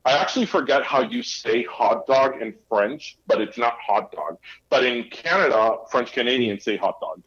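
Male home podcast co-host, mid-pitched, meandering, dull lo-fi sound. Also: animated, normal speed, a bit bright. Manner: rambling, many fillers and restarts. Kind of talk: casual chat.

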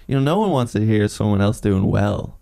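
A man in casual podcast chat, telling a story haltingly with many "you know"s. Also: lowish voice, lively intonation, gravelly, mellow. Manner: halting, repeats words, says "you know" often.

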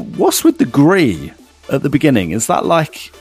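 Male podcast co-host, lively, swooping delivery, playful banter, faint music underneath. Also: medium pitch, normal speed, slightly rough. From United Kingdom. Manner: playful, animated. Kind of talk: casual chat.

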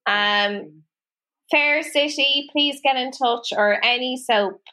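A woman co-hosting a podcast, chatting casually and telling animated stories, laughing often. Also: high-pitched, takes it slowly. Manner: animated storytelling, laughs often, acts out quotes. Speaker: podcast co-host. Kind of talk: casual chat.

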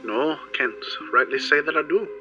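A man's voice: fairly high pitch, moderate pace, pushed and bright. A man game master voicing a strange, cheerful phone caller named Harriet who repeats itself, heard over a phone line. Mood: breezy. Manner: chirpy, rambling, repeats itself. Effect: voice heard over a telephone. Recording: dull lo-fi sound with music behind.

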